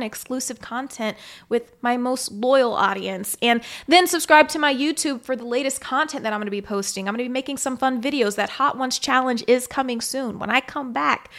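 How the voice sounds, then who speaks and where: Young woman, podcast host, casual monologue, keeps asking okay, slightly high-pitched. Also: fairly bright tone. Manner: chatty, often ends with "okay?".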